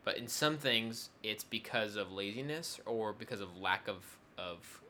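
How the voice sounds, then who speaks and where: A man's voice: on the low side, unhurried, pushed and bright, slight background noise. A young adult man in casual conversation, rambling with many fillers and restarts. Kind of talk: casual chat.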